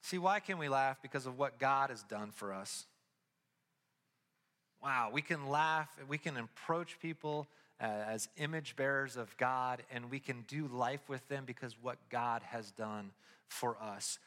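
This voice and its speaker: A man giving a casual, animated sermon as pastor, telling stories with his voice rising as he gets excited. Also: medium pitch, unhurried, long reverb tail.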